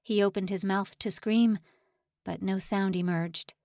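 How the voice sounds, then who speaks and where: A woman's voice: medium pitch, fairly even intonation, unhurried, darkish tone, no echo, studio quality. A woman narrating a suspense novel audiobook in a dramatic, tension-building read. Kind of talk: scripted narration.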